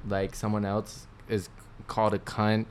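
A man's voice: fairly low pitch, completely flat delivery, measured pace, slight background noise. Man co-hosting with wry reactions. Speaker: podcast co-host. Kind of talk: casual chat.

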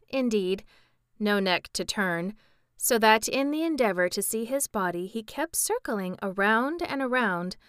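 A woman reading a children's book aloud in a calm, measured way. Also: mid-range voice, smooth, no echo, clean studio sound. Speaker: storyteller.

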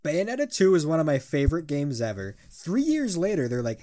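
A man's voice: a little high, sing-song, brisk, warm tone. A man in his twenties co-hosting a podcast, telling rambling stories with frequent laughter and casual swearing. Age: 20s. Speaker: podcast co-host. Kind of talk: casual chat.

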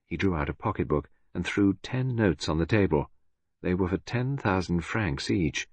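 A man narrating an audiobook in an expressive storytelling manner. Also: low voice, moderate pace, breathy edge, no room sound. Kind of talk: scripted narration.

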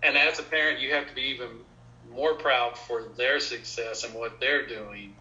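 A man hosts a casual interview and chimes in with brief supportive comments. His voice is bright and mid-pitched. The recording is muffled and echoes around the room. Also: fairly even intonation, moderate pace. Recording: dull, roomy sound.

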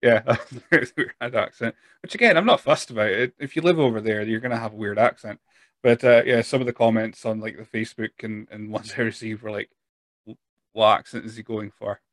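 Scottish male podcast host, chatty and given to laughter, mid-pitched voice, dry close sound. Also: a little fast, fairly bright tone, no echo. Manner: chatty, laughs often, trails off and restarts. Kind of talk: casual chat.

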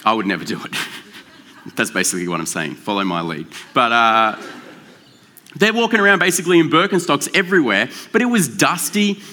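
A man preaching a sermon in a relaxed, joking, conversational way, slowing down to stress key words. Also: medium pitch, slight background noise. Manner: conversational and joking, with drawn-out emphasis. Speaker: pastor. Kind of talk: casual sermon.

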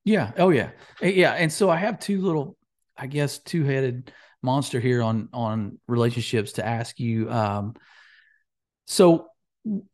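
A man hosts a podcast, asking long, winding questions that he keeps reworking, with a light joking tone. His pitch is ordinary for a man. He talks in a relaxed, conversational way. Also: a little slow. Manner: rambling, self-correcting questions, joking. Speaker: host.

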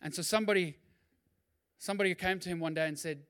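With a high-sitting voice, a male preacher keeps his sermon lively and talk-like, dropping in quick side remarks and playing out quotes.

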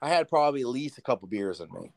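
A young man tells a party story on a casual podcast, with plenty of swearing. His voice sits at a middle pitch, and he keeps up an animated, rambling delivery. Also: rapid-fire, gravelly. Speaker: podcast co-host. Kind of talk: casual storytelling over beers.

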